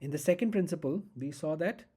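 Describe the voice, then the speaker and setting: A law lecturer with an Indian English accent delivers a slow, emphatic exam-prep lesson, repeating key points and checking in with "okay?". His mid-range voice is mellow and husky, with lively intonation.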